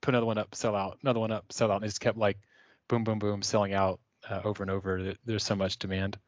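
A man's voice: on the low side, quick pace, no room sound. A man co-hosting a podcast in casual chat, talking enthusiastically. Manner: enthusiastic, excitable. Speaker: podcast co-host. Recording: dull lo-fi audio.

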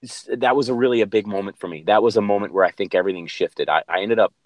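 A man's voice: on the low side, fast, no room sound. A middle-aged man, a coach, telling reflective stories in an interview, rambling with restarts. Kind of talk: interview storytelling.

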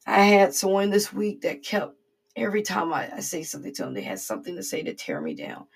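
A woman's voice: fairly low pitch, huge pitch swings, fairly quick, gravelly, husky. A woman giving an informal devotional sermon in an earnest, repetitive, conversational way. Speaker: preacher.

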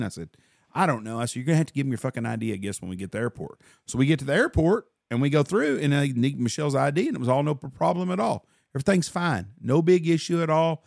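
A man's voice: mid-range voice, expressive, fast talker, vocal fry, darkish tone, no echo, clean studio sound. A man co-hosting a casual podcast, telling stories bluntly with heavy swearing. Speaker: podcast co-host. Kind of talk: casual chat.

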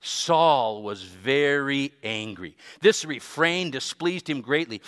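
A man's voice: medium pitch, expressive, takes it slowly, fairly bright tone, long reverb tail. A man preaching a sermon as pastor, earnest and teaching, reading scripture aloud in church.

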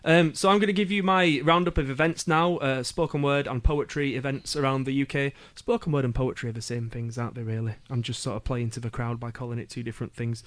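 A man's voice: mid-range voice, steady tone, fast talker, hardly any pauses. A man with a Yorkshire accent presenting a radio roundup of poetry events, chatty with jokey asides and frequent ums. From Yorkshire, England. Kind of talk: casual radio event listings.

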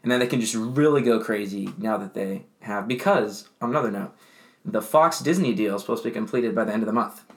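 A young man co-hosting a casual podcast, rambling and animated with frequent laughs and restarts. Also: lowish voice, fast. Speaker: podcast co-host. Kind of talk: casual chat.

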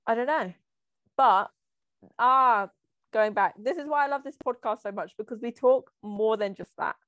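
A young woman co-hosting a podcast over a call, talking fast and freely with a self-deprecating edge. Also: fairly high pitch, a bit bright, no echo. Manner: fast, chatty, self-deprecating, laughs often. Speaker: podcast co-host. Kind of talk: casual chat. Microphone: remote call.

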